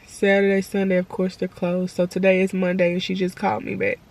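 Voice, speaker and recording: A woman's voice: lowish voice, monotone, fairly quick, a little mellow. Tearful woman rambling through a vlog. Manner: rambling, repeats herself, stumbling restarts. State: tearful, crying. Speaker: vlogger. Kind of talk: emotional personal vlog. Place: at home.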